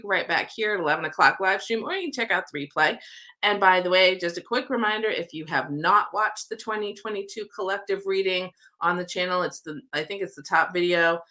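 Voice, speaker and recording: A woman's voice: mid-range voice, bright, forceful tone. A woman doing a live-streamed oracle card reading, chatty, affectionate and upbeat, her nose stuffy from a cold.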